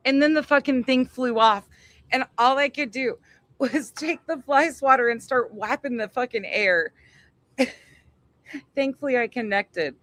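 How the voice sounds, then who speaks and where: A woman's voice: high-pitched, a little slow, no echo. A woman co-hosting a casual livestream outdoors, telling stories with lots of laughing and swearing. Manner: laughing, swearing, excitable storytelling. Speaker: livestream co-host. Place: outdoors at home.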